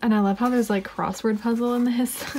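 A woman chatting casually at her desk while unboxing an album, excitable and giggly, often gushing and sometimes dropping to a whisper. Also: a little high, a little fast, slight background noise. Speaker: unboxing vlogger. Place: home desk.

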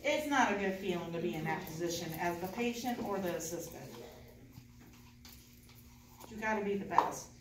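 A woman teaching a hands-on dental class, chatty and encouraging with quick asides. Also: on the low side, animated, a crowd in the background. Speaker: dental assisting instructor. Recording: echoey room, voice from far off.

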